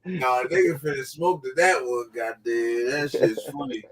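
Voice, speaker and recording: A man's voice: mid-range voice, unhurried, a loud crowd. A man co-hosting a casual livestream, reacting with slangy, profane, laid-back remarks. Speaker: livestream co-host. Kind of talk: casual chat.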